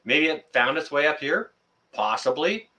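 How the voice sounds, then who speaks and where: A man's voice: on the high side, big pitch swings, moderate pace, pushed and bright. A man hosting a casual live-stream chat, joking and teasing his guest. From Canada. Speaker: channel host.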